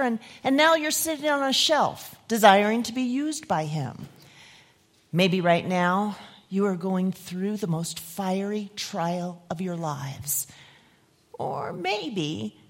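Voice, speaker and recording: Expressive, breathy woman giving a devotional. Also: fairly high pitch. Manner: expressive, dramatic, drops to whispers. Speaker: devotional speaker. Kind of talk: devotional message and poem recital.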